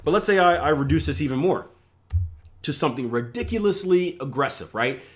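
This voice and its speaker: Through a screen share, a man coaching trading explains charts casually in a fairly high, lively voice at a slightly fast pace. He peppers his talk with filler "right?" checks to keep listeners along, plus jokes at his own expense.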